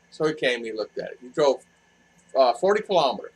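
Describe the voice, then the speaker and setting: A man's voice: mid-range voice, big pitch swings, a little fast, breathy edge, rough recording. An older man hosting a casual livestream, chatty and laughing easily as he greets viewers by name. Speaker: livestream host. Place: home in a cool hill town.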